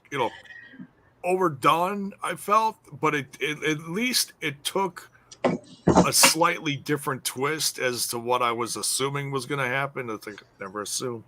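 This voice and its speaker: A man's voice: mid-range voice, a little slow, background noise. A man hosting a casual review podcast, chatty and rambling, laughing often as he talks. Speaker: podcast host. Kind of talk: casual wrestling review chat.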